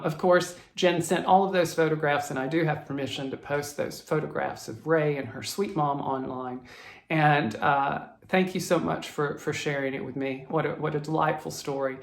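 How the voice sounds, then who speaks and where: Gravelly, chatty stitching vlog host. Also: medium pitch. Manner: chatty, animated storyteller who reads viewer emails. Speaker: flosstube host. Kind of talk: casual storytelling vlog. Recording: roomy echo.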